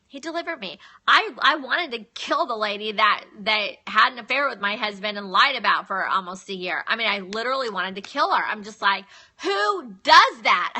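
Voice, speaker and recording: A middle-aged woman, talking earnestly about faith to viewers on a phone live stream. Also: fairly high pitch. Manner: earnest, animated, addresses viewers by name. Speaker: Christian live-stream speaker. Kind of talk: casual faith talk to viewers.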